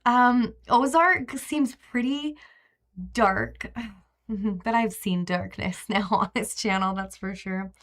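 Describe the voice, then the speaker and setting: A woman's voice: medium pitch, takes it slowly, a bit bright. A young woman hosting a live stream, chatting casually and emotionally with many fillers and restarts.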